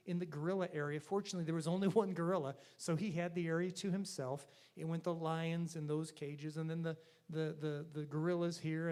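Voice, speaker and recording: Animated man telling a folksy joke. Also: on the high side. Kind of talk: live storytelling joke. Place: church stage.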